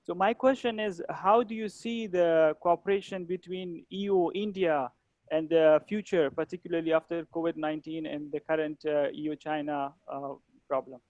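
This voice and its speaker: A man's voice: a little high, fairly even intonation, moderate pace, a little mellow, dry recording. A young man from Afghanistan asking a panel a question, formal and polite. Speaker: audience questioner. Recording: dry, dull lo-fi call audio.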